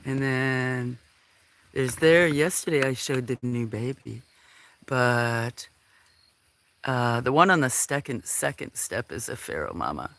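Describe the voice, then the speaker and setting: A livestream host at a farm, among the cats as they're being fed, talks casually to viewers over a handheld phone, cooing at the cats and apologizing from time to time. The mid-range voice is slow and a bit bright, with lively intonation.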